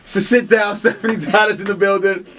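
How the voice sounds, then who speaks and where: A man's voice: high voice, steady tone, brisk, background noise. A man hosting an interview show, playful and teasing, joking with his guest. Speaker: interview host. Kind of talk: casual interview chat.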